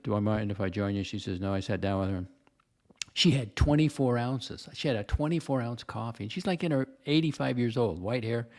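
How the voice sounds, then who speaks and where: A man's voice: mid-range voice, vocal fry. An older man hosting a livestream, telling rambling stories in casual chat and reading out viewer comments. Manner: chatty storyteller, repeats himself, reads chat comments. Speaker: livestream host.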